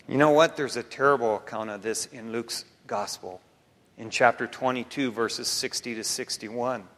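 A man preaching a sermon in a casual, slangy way, swinging from loud emphasis down to near-whispers. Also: mid-range voice, moderate pace. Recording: long reverb of a large hall.

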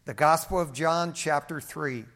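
A man preaching from the pulpit, his voice sitting a little high. He drops to near hushed lines and then climbs to loud, emphatic ones, and he slips into casual storytelling with a touch of humor. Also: measured pace. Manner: preaching with big swings in volume, from hushed to emphatic; telling everyday stories with light humor. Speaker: pastor. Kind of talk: sermon.

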